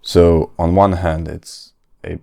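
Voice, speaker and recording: A man's voice: low-pitched, level tone, takes it slowly, vocal fry, warm tone, dry recording, clean studio sound. A man, hosting a casual solo podcast, often stopping to search for words and restarting his sentences. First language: French. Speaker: podcast host.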